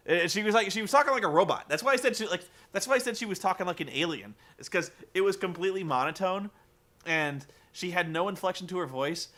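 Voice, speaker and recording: A man casually recapping a wrestling show, animated and joking, swearing freely. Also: high voice, brisk. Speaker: podcast host recapping wrestling. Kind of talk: casual chat.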